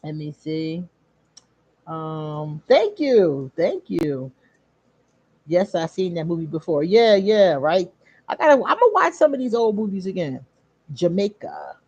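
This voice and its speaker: A woman, hosting a casual live stream where she reads cards for viewers, animated and quick to laugh. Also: on the low side, breathy edge, no room sound, muffled recording. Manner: animated, laughs often, drawn-out emphasis. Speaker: host doing card readings for viewers.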